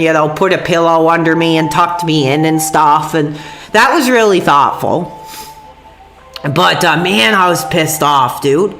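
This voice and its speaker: A woman's voice: lowish voice, fairly bright tone. Sick, angry woman streamer ranting. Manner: angry, profane, rambling. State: sick, sore voice. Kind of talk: livestream rant to chat. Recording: echoey room with faint music.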